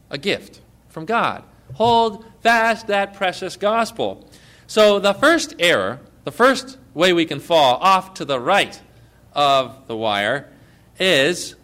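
A man preaching a sermon to his congregation, emphatic, swinging between forceful and hushed delivery. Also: on the high side. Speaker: pastor.

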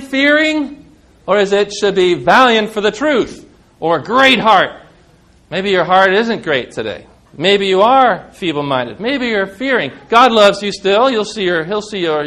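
Male pastor, high voice, emphatic sermon delivery with conversational asides to the congregation. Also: a bit bright. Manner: emphatic, rising when quoting scripture, conversational asides to the congregation.

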